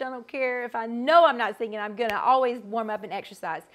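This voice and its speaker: A middle-aged woman, a vocal coach, teaching a group in a chatty, animated way with frequent restarts. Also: fairly high pitch, moderate pace. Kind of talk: casual teaching talk to a group.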